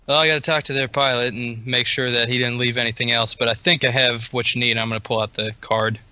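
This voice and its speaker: A man playing a tabletop game, describing his moves in a relaxed, matter-of-fact way. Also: medium pitch, fast talker, clean tone, muffled recording. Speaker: player.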